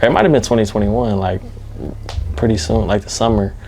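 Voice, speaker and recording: A man interviewing a guest in a relaxed way, asking questions slowly with fillers. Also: on the low side, slight background noise. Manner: laid-back, hesitant with fillers.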